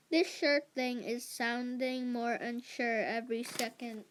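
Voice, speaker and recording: A woman reading a first-person novel aloud in a slow, halting delivery with small slips. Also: on the high side, fairly even intonation, a little hiss or hum. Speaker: reader.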